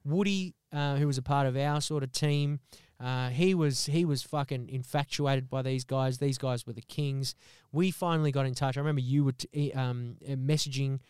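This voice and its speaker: A man's voice: mid-range voice, moderate pace, few pauses, smooth, dry recording, clean studio sound. Sweary Australian man telling stories. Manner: animated, sweary, sarcastic storyteller. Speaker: podcast co-host. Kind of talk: casual chat, storytelling.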